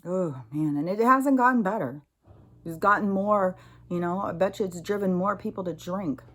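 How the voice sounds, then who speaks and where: A woman's voice: medium pitch, normal speed. An American woman talking casually to camera as a spiritual vlogger, swearing freely as she vents and reflects. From United States. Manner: profane, ranting and animated. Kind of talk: casual spoken monologue.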